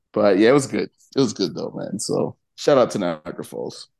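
A man's voice: on the low side, animated, moderate pace, vocal fry, darkish tone. A man co-hosting a casual podcast, telling stories with lots of laughter and swearing. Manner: laughing, profane storytelling. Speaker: podcast co-host.

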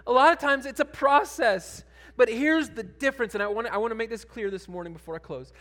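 A man pastor preaching a sermon, conversational at times and building to emphatic, animated preaching. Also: very high voice, fast.

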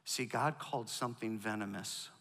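A man's voice: lowish voice, normal speed, vocal fry, fairly bright tone, big-room sound. A man preaching a sermon as a pastor, cracking jokes and calling on the congregation to repeat lines after him. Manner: joking, calls for audience responses. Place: large church auditorium.

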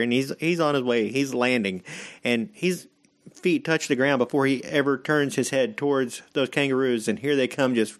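A young adult man co-hosting a podcast, telling stories in a loose, profane, animated way. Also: mid-range voice. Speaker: podcast co-host. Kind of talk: casual chat.

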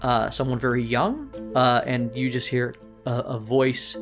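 A man's voice: medium pitch, normal speed, a bit bright. Male game master, casual bro-ish delivery, faint music underneath. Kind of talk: narrating a tabletop game.

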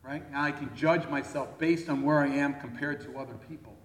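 A man's voice: medium pitch, steady tone, brisk. A man preaching a sermon in a conversational way, often checking in with his listeners. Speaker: pastor. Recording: echoey hall.

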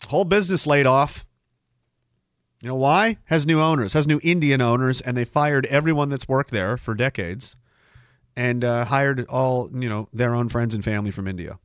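A man's voice: medium pitch, clear, resonant tone, dry recording, clean studio sound. A man from Canada hosting a livestream podcast, ranting in a sarcastic, scornful way. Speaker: podcast host.

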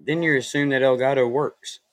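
A man's voice: mid-range voice, steady tone, a little fast, no echo. A man co-hosting a casual call-in show, ribbing the others and tacking "man" onto his lines. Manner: joshing, drawling, says "man" a lot. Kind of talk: casual call-in radio chat.

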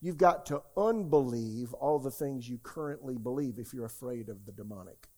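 A man's voice: mid-range voice, moderate pace, mellow. A man preaching a sermon, emphatic and often calling out to the congregation. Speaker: pastor.

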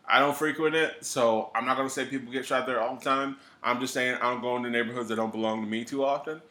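A man's voice: mid-range voice, steady tone, quick pace, bright, forceful tone. A man from Chicago co-hosting a podcast, laid-back and chuckling in casual banter. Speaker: podcast co-host.

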